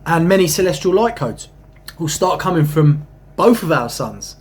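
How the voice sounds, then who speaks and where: A young man, rambling excitedly about spiritual matters, swinging from hushed asides to emphatic bursts and swearing casually. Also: a little high, normal speed, husky. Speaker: spiritual channel host.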